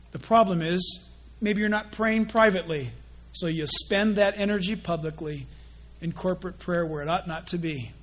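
A male pastor preaching a sermon in an animated way, acting out gossips and people praying in quick quoted voices. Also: sits high.

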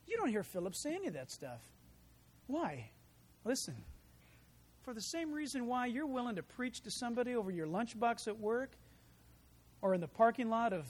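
Pastor teaching a Bible study sermon; high, expressive voice that swings widely, playful storyteller. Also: in a large hall. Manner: animated storytelling with humorous asides; acts out quoted voices.

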